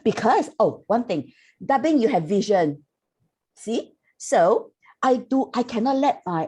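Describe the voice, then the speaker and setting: A woman's voice: mid-range voice, a little mellow, breathy edge. Older Singaporean woman explaining dubbing. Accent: Singaporean English. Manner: halting, many fillers, explanatory. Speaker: panelist, dubbing artist. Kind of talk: casual panel talk.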